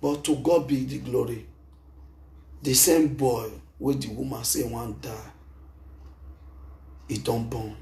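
A middle-aged Nigerian man with a Nigerian accent, giving an emphatic, animated spoken testimony into a handheld microphone, mixing English and Pidgin. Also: mid-range voice, takes it slowly, gravelly, long pauses, roomy sound. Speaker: speaker giving a testimony at a gathering.

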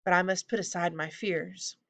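A woman's voice: lowish voice, fairly even intonation, moderate pace, vocal fry, fairly bright tone. A woman voicing a timid little male house brownie in a read-aloud storybook, in a plain reading voice. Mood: resolute. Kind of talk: audiobook reading.

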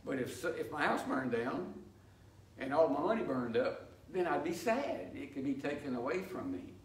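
Speaking at a normal speed in a fairly high, very animated voice, an older man leads a Bible study in a church sanctuary. His style is folksy and explanatory, full of homey anecdotes, and the recording sounds distant and echoey with faint ambience.

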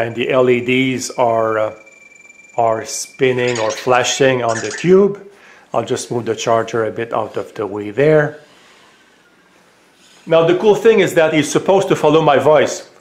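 French-accented male tech vlogger, hesitant, faint hiss, room echo. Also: medium pitch. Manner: hesitant, many filler pauses; raises voice for voice commands. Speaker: tech reviewer. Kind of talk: casual product demo. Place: home room.

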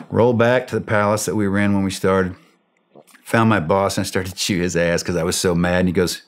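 Low-voiced man telling a blunt war story. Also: brisk. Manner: animated storyteller acting out quoted dialogue, blunt and profane. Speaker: former special operations soldier, podcast guest. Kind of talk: war story told in a podcast interview.

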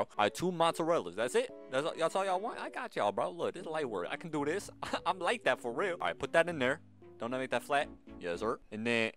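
A man talks through a cooking game in casual commentary, his pitch swinging up and down in a lively way. He jokes and banters with the on-screen customers. Soft music plays underneath. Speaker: gaming channel host.

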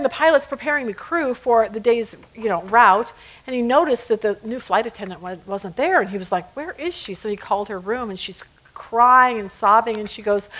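A woman's voice: fairly high pitch, a bit bright. A middle-aged woman teaching a women's Bible study, telling stories and acting out quotes, laughing at her own jokes.

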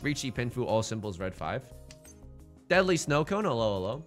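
A man's voice: medium pitch, very animated, normal speed, soft background music. A male streamer giving casual, joking commentary on his game and reading chat in a playful, self-mocking way.

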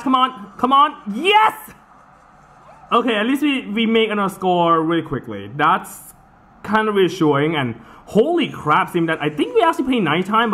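A man giving casual let's-play commentary over a soccer video game, excitable and quick to swear and groan at the game. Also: a little high. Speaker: gameplay commentator.

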